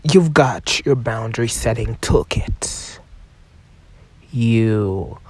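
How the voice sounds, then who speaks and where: A man's voice: medium pitch, slow, pauses often, dark tone, low-quality recording. A man hosting a solo self-help podcast with a cold, talking casually, swearing freely and sometimes dropping into a whisper. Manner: casual, swears often, loose and chatty. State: has a cold, voice rough. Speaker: podcast host.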